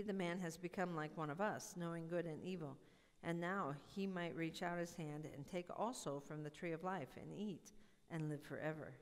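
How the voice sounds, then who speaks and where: A reader giving a measured, solemn scripture reading in a church sanctuary. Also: medium pitch, in a large hall.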